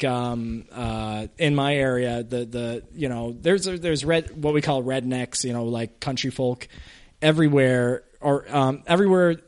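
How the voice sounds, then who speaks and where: Rambling American podcast host, man. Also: medium pitch. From United States. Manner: rambling, many restarts and fillers. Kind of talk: casual interview chat.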